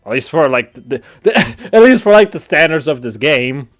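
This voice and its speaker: A man's voice: medium pitch, moderate pace, soft background music. A man streaming a game, rambling and stammering through jokey commentary at a desk mic. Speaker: gaming streamer. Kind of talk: casual gameplay commentary. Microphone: desk mic with face cam.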